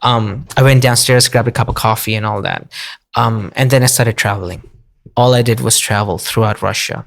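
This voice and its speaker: A man telling a long travel story in a relaxed podcast chat, with many fillers. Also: fairly low pitch, gravelly. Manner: flat, unhurried storytelling with fillers. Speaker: podcast guest. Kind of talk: casual storytelling.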